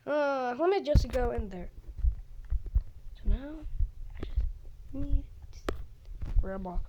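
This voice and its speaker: Excitable woman gamer narrating play, high lively voice, slow unhurried delivery. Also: a little hiss or hum. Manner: excitable, swings between shouting and whispering. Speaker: game player. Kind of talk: excited gameplay commentary.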